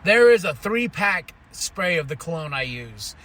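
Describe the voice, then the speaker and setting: A man's voice: fairly high pitch, sing-song, a little slow, pushed and bright. A man co-hosting a podcast, telling stories in a laid-back, profane, giggly way. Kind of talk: casual podcast banter.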